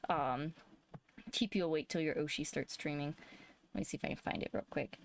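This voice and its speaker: A woman's voice: deep voice, a little fast, creaky, a little hiss or hum. A young woman streamer chatting casually on her anniversary stream, rambling with lots of fillers and giggles. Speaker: streamer host. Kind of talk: casual chat.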